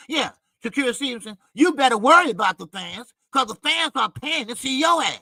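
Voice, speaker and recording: Male boxing-stream host, high voice, profane ranting commentary, dry close sound. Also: animated, moderate pace, gravelly, few pauses, no room sound. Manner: ranting, profane, loud outbursts. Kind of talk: livestream boxing commentary, greeting chat.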